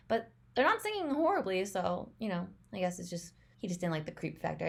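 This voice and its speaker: A woman's voice: medium pitch, gravelly. A young woman chatting casually as she reacts to a movie trailer, rambling and laughing often.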